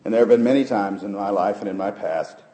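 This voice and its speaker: A middle-aged male pastor preaching a sermon and sharing personal testimony, swinging from soft, low asides to loud, high peaks. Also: fast talker. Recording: roomy church sound.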